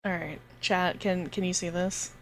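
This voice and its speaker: Slow-talking giggly woman streamer. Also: on the low side. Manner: giggly, excitable, swearing, talking to chat. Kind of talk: casual live-stream chat.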